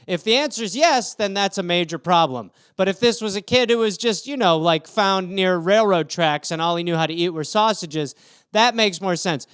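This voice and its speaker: A man's voice: sits high, moderate pace, fairly bright tone, clean tone, no echo, clean studio sound. A man hosting a comedy podcast, riffing profanely and rambling into silly scenarios about odd news stories. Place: home room.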